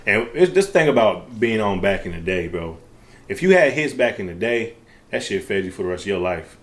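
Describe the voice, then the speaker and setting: A man's voice: on the low side, big pitch swings, brisk. A man on a casual podcast, speaking in a blunt, emphatic, slangy way. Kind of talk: casual hip-hop podcast chat.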